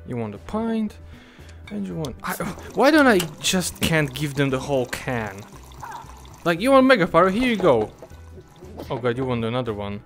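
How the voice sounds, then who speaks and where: A gaming YouTuber plays a bar-serving game, chatting, exclaiming and swearing, and adopts a mock-polite tone with customers. His voice is on the high side, sing-song and fairly bright, at normal speed over soft background music.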